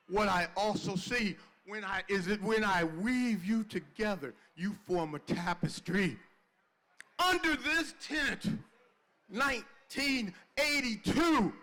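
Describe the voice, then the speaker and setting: A man in his sixties gives a stirring reunion speech with a preacher's cadence, building lines through repetition. His voice sits high and bright. He takes his time over every phrase. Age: 60s. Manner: preacherly, slow, rhetorical repetition. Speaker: award recipient giving remarks. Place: large party tent.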